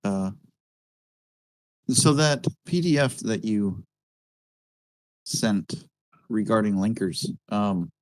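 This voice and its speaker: Low-voiced man, dry close sound. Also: expressive, extremely slow, long pauses, dry recording, poor audio. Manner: thoughtful, corrects himself, supportive. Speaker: trader in a group voice chat. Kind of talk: casual chat.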